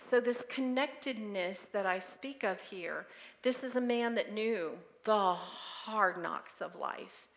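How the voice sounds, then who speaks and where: Middle-aged woman minister, sermon delivery, tender and personal, mid-pitched voice. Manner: personal, tender, laughs softly through grief. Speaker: minister giving the Sunday message.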